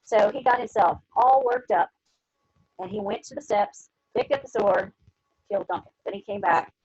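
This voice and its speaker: A woman's voice: medium pitch, moderate pace, darkish tone, slightly rough, no room sound. A woman teacher retelling a story for her class in a chatty way, full of fillers. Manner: chatty, lots of fillers like 'you know'. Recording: dull lo-fi dry recording.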